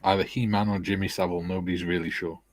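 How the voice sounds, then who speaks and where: A deep-voiced middle-aged man talks fast in a level tone, and the recording has no room sound. He hosts a casual modelling livestream, reading out comments from viewers and joking with friends.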